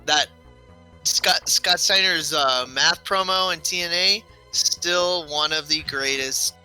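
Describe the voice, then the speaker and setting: A man's voice: fairly high pitch, slow pace, bright, forceful tone, clean tone, low-quality recording. A man co-hosting a casual game stream, giving firm opinions with lots of fillers. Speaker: co-host. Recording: faint game music behind.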